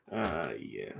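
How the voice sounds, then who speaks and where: Slow, bright male storyteller with a strained throat. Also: a little high, vocal fry. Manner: halting, with restarts and pauses. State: strained throat, clearing it often. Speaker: storyteller and live streamer. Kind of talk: reading a children's book aloud on a live stream.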